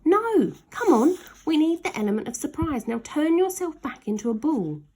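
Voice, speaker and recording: A woman voicing a mischievous, excitable young boy in a storybook reading, with eager, high-pitched exclamations. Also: unhurried, vocal fry, slightly rough, heavily acted. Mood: excited.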